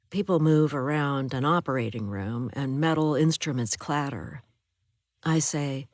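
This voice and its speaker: A woman narrating an audiobook thriller in a low voice and an unhurried, measured manner. It is recorded close on a studio mic, dry and clean, with no room sound. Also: no echo. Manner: measured, even storytelling. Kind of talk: scripted first-person narration.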